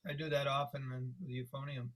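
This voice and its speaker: A man's voice: mid-range voice, little pitch movement, fast, fairly bright tone, low-quality recording. A man who plays euphonium, chatting in an easygoing way during a group lesson. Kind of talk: casual group chat.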